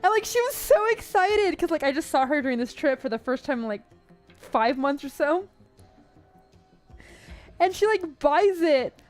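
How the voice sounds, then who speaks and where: Chatty high-voiced woman streamer. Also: expressive, moderate pace, pauses often, soft background music. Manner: chatty, laughing, lots of "like" and "dude". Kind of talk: casual livestream chat while reading a game story.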